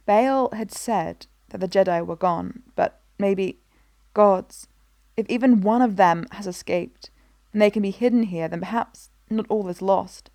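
A woman reading a story aloud in an even, measured narration. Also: medium pitch, no echo, clean studio sound. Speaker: reader. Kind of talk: scripted narration of a fan story.

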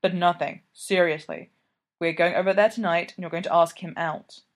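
A man's voice: high-pitched, steady tone, moderate pace. Woman reading as a blunt young college guy, firm and teasing. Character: tipsy young male college friend, blunt and protective.

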